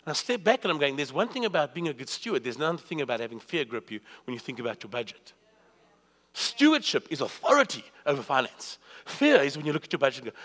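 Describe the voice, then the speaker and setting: A man preaching a sermon, swinging from loud, high bursts to hushed, low asides. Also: very animated, quick pace. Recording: long reverb of a hall.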